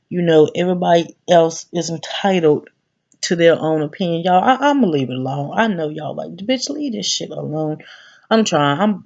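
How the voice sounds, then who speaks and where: A woman's voice: sits low, darkish tone, dull audio. Brash woman in her thirties ranting. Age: 30s. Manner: brash, profane, addresses viewers directly. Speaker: vlogger. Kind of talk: casual ranting vlog.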